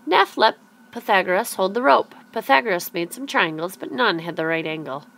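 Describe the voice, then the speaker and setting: A woman's voice: medium pitch, expressive, normal speed, gravelly, fairly bright tone. Woman reading a children's story aloud. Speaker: storybook reader.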